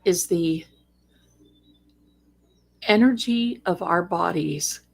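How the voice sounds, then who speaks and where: A woman hosting a casual livestream from home, chatting with viewers at a desk microphone, rambling warmly and calling them darling and sister. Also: on the low side, extremely slow, vocal fry. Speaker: livestream host and psychic reader. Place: home, cat on her lap.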